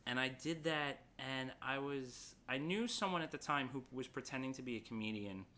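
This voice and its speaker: A man chatting casually on a podcast, his voice bright and forward. He rambles through his stories and swears freely as he goes. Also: mid-range voice, moderate pace, a little hiss or hum. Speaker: podcast co-host. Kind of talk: casual chat.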